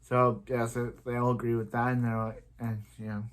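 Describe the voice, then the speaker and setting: A man in a reaction video talks through an episode he just watched. His recap rambles and loops back on itself, with frequent restarts and filler words between points. His pitch sits in an ordinary middle range. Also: flat delivery, normal speed. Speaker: show reviewer.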